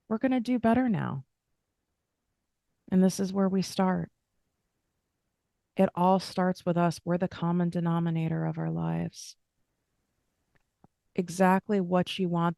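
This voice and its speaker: Woman, self-help host; earnest, repetitive affirmations; smooth, dry close sound. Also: fairly low pitch, a little mellow, dry recording. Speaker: host and money coach. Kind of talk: motivational self-help talk.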